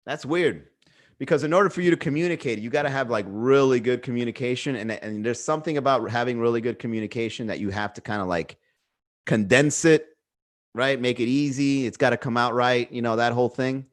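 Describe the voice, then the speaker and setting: A man's voice: mid-range voice, a little fast. A man hosting a casual solo podcast from home, musing aloud in a rambling way, swearing freely and full of fillers. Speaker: podcast host. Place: indoors at home.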